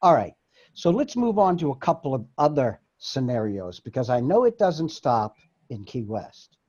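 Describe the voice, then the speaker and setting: A man's voice: mid-range voice, big pitch swings, moderate pace, darkish tone, breathy edge, highs cut off. A man hosting a talk show, speaking emphatically and making his points with conviction. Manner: emphatic, preachy. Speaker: host. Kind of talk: casual talk show chat.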